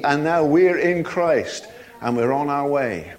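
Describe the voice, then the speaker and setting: A man's voice: a little high, animated, slow pace. An older man preaching a sermon in a folksy way, chuckling often and asking his listeners rhetorical tag questions.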